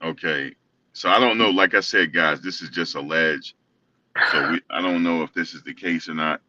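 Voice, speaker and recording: A man's voice: sits low, steady tone, normal speed, pushed and bright, no room sound, recorded from a distance, muffled recording. A man co-hosting a casual commentary chat, laid-back and hesitant, hedging with lots of fillers. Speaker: co-host.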